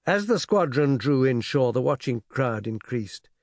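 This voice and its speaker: A man narrating an audiobook with a measured, expressive reading. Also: mid-range voice, no room sound, studio quality.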